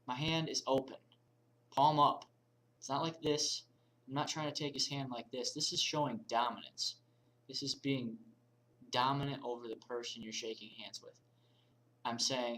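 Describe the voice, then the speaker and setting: A man from the United States teaching a casual video lesson, informal and energetic, moving around and gesturing as he talks. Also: mid-range voice, moderate pace, pauses often, far from the mic, a little hiss or hum, rough recording. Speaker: body language instructor.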